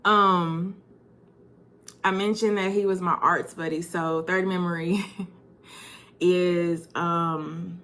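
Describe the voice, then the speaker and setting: A woman in her thirties telling personal stories in a vlog, animated and laughing as she reminisces. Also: on the low side, slow pace, long pauses. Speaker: vlogger.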